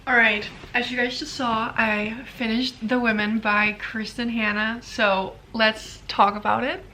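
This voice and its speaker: A woman's voice: fairly high pitch, level tone, unhurried, sharp tone. A young woman vlogging to camera about a novel she is reading, chatty and gushing, with many fillers. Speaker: book vlogger. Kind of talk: casual chat to camera.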